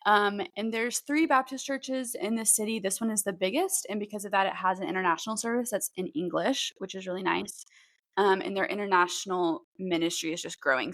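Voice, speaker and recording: A young woman in her twenties talks casually as a podcast co-host, scattering her sentences with "like" and "um". Her voice sits at a middle pitch. The recording is dry and close, with no room sound. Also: creaky, dry recording. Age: 20s. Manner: chatty, many "like"s and "um"s. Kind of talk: casual chat.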